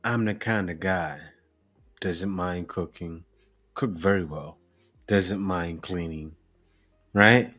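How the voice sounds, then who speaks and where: A man hosting a reaction commentary, pausing clips to lecture emphatically about relationships. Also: deep voice, fairly bright tone, soft background music.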